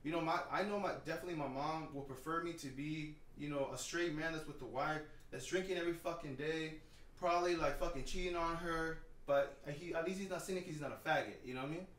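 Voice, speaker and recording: Fast-talking man in an echoey room. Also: fairly high pitch, recorded from a distance. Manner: emotional, expressive, profane, repeats "you know what I'm saying". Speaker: podcast co-host. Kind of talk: candid podcast conversation.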